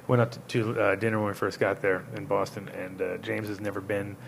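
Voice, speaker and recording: Male host, gravelly low voice, casual storyteller who swears and laughs a lot. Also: little pitch movement, brisk, slight background noise. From Rhode Island.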